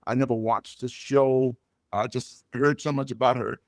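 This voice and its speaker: An older man, a comedian guest, telling stories and jokes in a loud, punchy way. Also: mid-range voice, moderate pace, no room sound, studio quality. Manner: loud punchy joke delivery, animated storytelling. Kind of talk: storytelling comedy chat.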